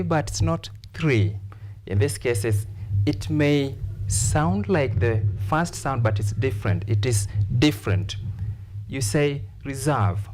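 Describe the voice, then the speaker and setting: Slow, deliberate teacher. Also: male voice, medium pitch, darkish tone. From Kenya. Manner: slow, deliberate, repeats words for emphasis. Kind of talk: classroom lesson on pronunciation.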